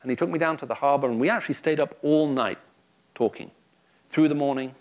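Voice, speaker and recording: Lively, humorous man giving a talk. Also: fairly high pitch, fairly quick. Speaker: Christian speaker addressing an audience. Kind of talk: public talk with anecdotes. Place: room with a live audience.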